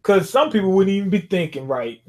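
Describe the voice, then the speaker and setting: A man with a fairly high voice recaps a manga chapter in an easygoing, rambling way. His talk is loose and full of slang, and he keeps drifting into bits of the characters' dialogue. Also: animated, a little fast, a little mellow. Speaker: manga reviewer.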